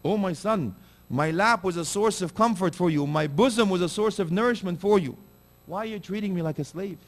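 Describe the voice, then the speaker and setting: A man's voice: high-pitched, a little fast, pitched above the performer's own voice. A man preaching who voices an aging mother pleading with and reproaching her son.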